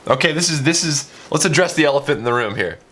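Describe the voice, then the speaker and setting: A man's voice: on the high side, animated, fast talker, pushed and bright. A young man, a music producer, talking casually through his studio session, chatty and self-mocking, with plenty of fillers.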